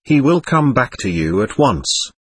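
A man reading the lines of a fussy, excitable middle-aged lady who gushes in breathless exclamations. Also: mid-range voice, measured pace, slightly rough, dry recording, exaggerated voice. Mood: flustered.

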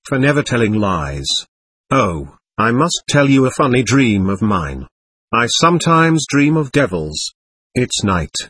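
A man's voice: medium pitch, a bit bright, slightly rough, dry recording, exaggerated voice. A man reading as a feverish teenage girl. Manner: breathless, intense, darting between teasing and pleading. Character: excitable capricious teenage girl, feverish and provocative.

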